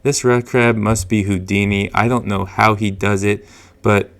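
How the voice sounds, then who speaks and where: Low, gravelly-voiced man narrating casually. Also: fairly even intonation, unhurried, a bit bright. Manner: chatty and chuckling, with many fillers. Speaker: fishing channel host.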